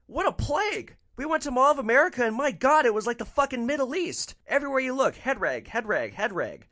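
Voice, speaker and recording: A man putting on a shrill bigoted rich woman. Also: very animated, a little fast, pushed and bright, heavily acted. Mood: indignant. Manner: shrill, indignant, ranting. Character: shrill bigoted upper-middle-class woman passenger.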